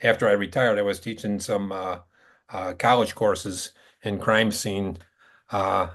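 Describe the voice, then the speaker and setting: A man's voice: fairly low pitch, steady tone, a little slow, fairly bright tone. Older male guest, heavy Chicago accent, retired detective, chatty and self-mocking. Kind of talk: casual chat.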